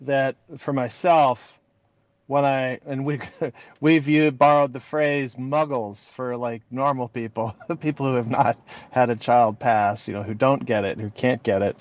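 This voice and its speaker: A man with a mid-pitched voice speaks in a conversational interview, reflective and candid. He often trails off quietly at the end of thoughts. His audio sounds dull and lo-fi. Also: fairly even intonation, a little slow, no echo. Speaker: interview guest, bereaved father.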